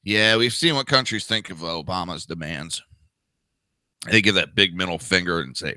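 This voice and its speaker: A man's voice: deep voice, moderate pace, bright, forceful tone, no room sound. A man in his thirties hosting a talk show, giving crude, profane and sarcastic ranting commentary.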